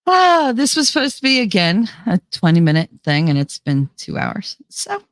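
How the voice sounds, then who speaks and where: A woman's voice: medium pitch, wildly swooping pitch, moderate pace, no room sound, clean studio sound. A middle-aged woman hosting a casual livestream, chatting with her viewers and reading their comments, laughing often and swearing freely. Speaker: livestream host.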